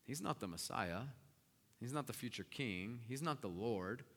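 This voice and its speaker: A man preaching a sermon and telling the story with animated swings from hushed, slow lines to loud, fast ones. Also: medium pitch, in a large hall. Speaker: pastor.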